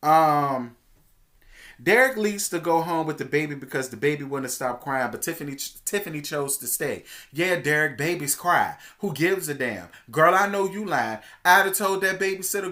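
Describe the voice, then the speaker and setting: Male TV recapper with a slightly high voice, sassy and chatty, with big swings between hushed asides and loud exclamations. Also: lively intonation, normal speed. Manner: sassy, chatty, addresses viewers as "girl". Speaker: TV show reviewer. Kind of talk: casual TV episode recap.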